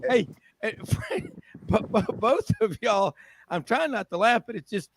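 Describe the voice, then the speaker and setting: A man hosting a sports roundtable, chatty and quick to laugh and do impressions. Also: sits high, very animated, slight background noise. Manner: chatty storyteller doing impressions, laughs often. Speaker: sports radio host. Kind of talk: casual roundtable chat.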